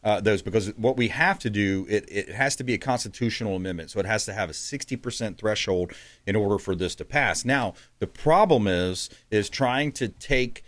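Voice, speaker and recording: A man's voice: fairly low pitch, normal speed, fairly bright tone. Chatty, folksy male talk host. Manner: chatty, folksy, laughs often. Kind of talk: casual talk show chat.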